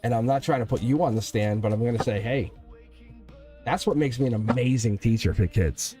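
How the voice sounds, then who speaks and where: A man in his forties hosts a live tarot stream in an emphatic, rambling style, laughing between points. His voice sits at an ordinary middle pitch, and faint music plays quietly behind him. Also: a little fast. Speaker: tarot reader and livestream host.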